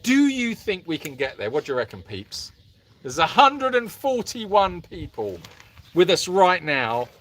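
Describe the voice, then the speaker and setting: A playful middle-aged man hosting a live stream, his voice bouncing up and down with lively animation. He teases his co-host and hams it up with mock accents, sitting a touch higher in pitch than most men. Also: measured pace. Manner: jokey, teasing, slips into mock accents.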